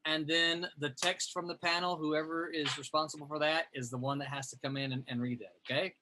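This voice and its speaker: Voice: medium pitch, fairly even intonation, brisk, background noise. A co-host in a casual group chat, explaining the plan and sorting out the order.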